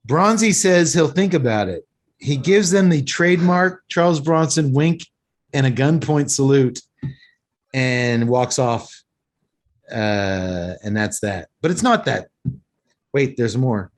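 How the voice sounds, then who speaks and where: A man hosting a podcast and recapping an action movie in lively, sweary casual chat, a little tipsy from several beers. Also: medium pitch, takes it slowly. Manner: animated, sweary storytelling recap. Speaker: podcast host recapping a film.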